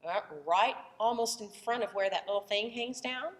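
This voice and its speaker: A woman's voice: on the high side, normal speed, in a large hall. A woman voice teacher who has a cold, explaining the vocal tract in a loose, conversational lesson and breaking into short vowel demonstrations.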